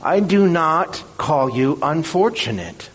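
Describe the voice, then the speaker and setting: A man voicing a huge, wise male lion who speaks slowly and gravely. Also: on the high side, lively intonation, heavily acted. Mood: solemn.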